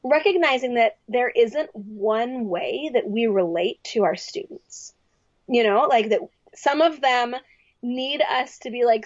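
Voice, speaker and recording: Young woman, lively storytelling, fairly high voice, dry close sound. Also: measured pace, no echo. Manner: animated, acts out quoted voices. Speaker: podcast guest speaker. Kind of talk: casual reflective talk. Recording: dry, slightly dull sound.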